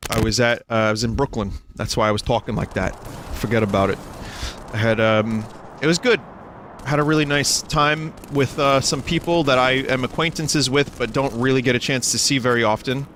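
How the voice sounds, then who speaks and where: A man's voice: mid-range voice, fairly even intonation, brisk, a bit bright, a little hiss or hum. A man streaming a video game, chatting casually and jokingly, with rambling, self-interrupting talk into a desk microphone. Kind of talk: casual gaming livestream chat.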